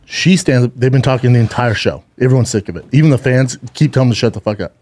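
A man's voice: mid-range voice, fast talker, a little mellow. A man co-hosting a podcast, telling a story in casual chat, acting out quotes and swearing freely. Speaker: podcast co-host.

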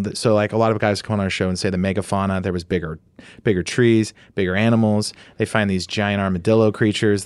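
A man, a guest co-hosting a podcast, chatting casually and explaining his ideas in an animated, rambling way. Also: fairly low pitch, clean tone, no room sound. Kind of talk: casual conversation.

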